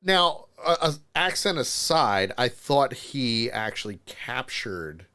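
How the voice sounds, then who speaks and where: Animated laughing male podcast host. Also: medium pitch, takes it slowly, clear, resonant tone. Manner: animated, laughs often, stammers restarts. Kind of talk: casual live call-in show chat.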